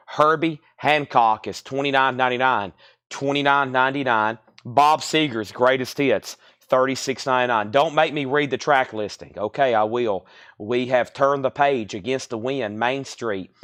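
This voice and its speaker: A man runs a live record auction on a stream, reading off titles and repeating prices in a brisk patter. His voice sits at an ordinary middle pitch. The sound is dry and close, with no room echo. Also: a bit bright. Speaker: live record sale host. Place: record store.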